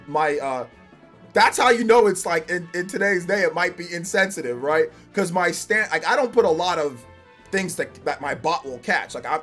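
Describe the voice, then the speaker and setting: A male streamer talking off the cuff to his live chat, his voice sitting a little higher than most men's. He is emphatic and repetitive, circling back over the same point, with plenty of slang and frequent laughter. Faint music plays underneath. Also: a bit bright. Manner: rambling and emphatic, repeats himself often; slangy, says "you know what I'm saying" and "bro". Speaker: live streamer reacting to a game trailer.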